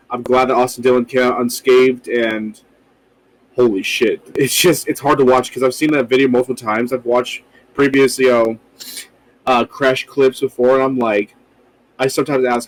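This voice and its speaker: A man's voice: medium pitch, steady tone, normal speed, low-quality recording. A man co-hosting a casual podcast, talking loosely with frequent swearing and rambling asides. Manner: loose, profane, rambling with fillers. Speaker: podcast co-host.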